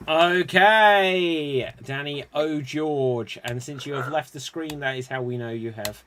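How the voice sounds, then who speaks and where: Man, improv show host, playful, self-mocking, slow pace, slightly high voice. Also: fairly bright tone. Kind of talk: hosting an online improv show.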